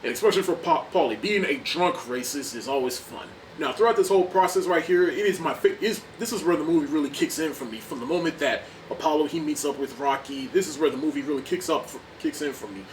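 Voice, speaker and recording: A man's voice: a little high, fast, few pauses. A young man casually reviewing a movie in an enthusiastic, rambling way, often repeating himself. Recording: distant mic, faint background noise.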